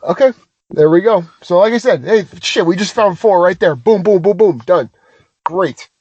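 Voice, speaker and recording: A man's voice: sits high, moderate pace, a little mellow, husky, no room sound. A man hosting a podcast in casual chat, rambling and repeating himself, with a bit of swearing. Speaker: podcast host. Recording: dull dry sound.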